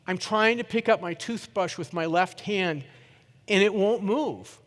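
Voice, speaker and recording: A man voicing a frightened woman in her forties who speaks slowly and haltingly, as if pleading. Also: sits high, expressive, big-room sound, voice pushed up. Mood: distressed.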